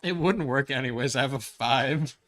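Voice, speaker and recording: A man's voice: medium pitch, moderate pace, fairly bright tone. A man playing a tabletop game, talking in a dry, sarcastic way. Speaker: player. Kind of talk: casual tabletop game chat.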